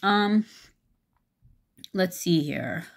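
Deep-voiced woman telling a rambling story. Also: animated. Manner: rambling, halting, with many fillers; frank, swears casually. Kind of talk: casual storytelling vlog.

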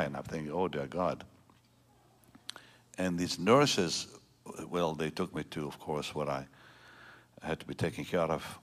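A man's voice: very deep voice, fairly even intonation, unhurried, long pauses. A man in his seventies, a pastor telling a personal story in a sermon, rambling and emotional, with many restarts. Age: 70s. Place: large church.

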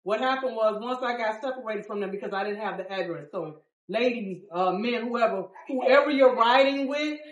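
A woman biker recounts her road trip to a small group, dramatic and full of acted-out quotes, dropping from loud to hushed. She sits at a distance from the mic, and the room rings around her. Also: a little high, moderate pace, echoey room. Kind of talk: animated storytelling in a group interview.

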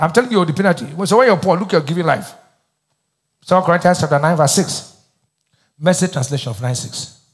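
Animated Nigerian preacher man, high voice. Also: in a large hall. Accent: Nigerian English. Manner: call-and-response preaching, asks the crowd to finish his sentences. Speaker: pastor. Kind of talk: sermon.

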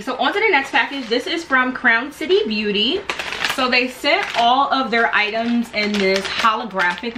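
A woman with a fairly high voice talks through a product unboxing for her vlog. She gushes with excitement over every item she pulls out, and a faint hum sits under her voice. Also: rough recording. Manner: gushing, enthusiastic. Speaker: vlogger.

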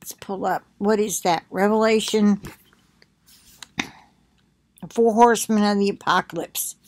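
A middle-aged woman thinking aloud at home, reading scripture between bouts of coughing and musing in a slow, unhurried way. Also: medium pitch, steady tone. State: coughing, choking up. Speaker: video blogger. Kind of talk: casual commentary with scripture reading.

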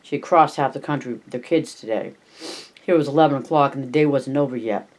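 A man reading a novel aloud slowly and deliberately, with small slips, restarts and personal asides. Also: mid-range voice. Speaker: audiobook reader.

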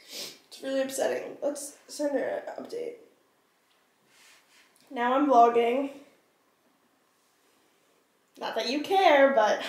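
A young woman vlogging casually at home, talking to a handheld camera in a rambling, self-deprecating, anxious way. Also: fairly high pitch. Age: young adult. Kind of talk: casual vlog chat. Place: home, indoors.

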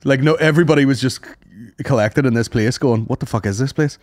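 A young Northern Irish man co-hosting a podcast, telling sweary, animated stories in casual chat and mimicking the people in them. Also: mid-range voice, quick pace, no room sound, studio quality. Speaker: podcast co-host, comedian.

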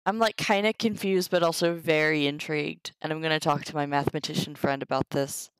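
A woman reading through a Latin textbook on a live stream, sounding out the Latin slowly and chatting casually to viewers between sentences. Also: sits low, steady tone, clear, resonant tone, no echo, poor audio. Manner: reads Latin aloud slowly, chatty asides. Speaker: streamer teaching herself Latin.

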